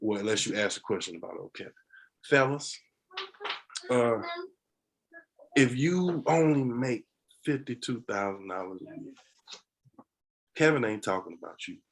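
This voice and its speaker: A man talking as a podcast guest in a casual conversation, an animated storyteller who laughs often. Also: mid-range voice, a little slow, long pauses, slight background noise, rough recording.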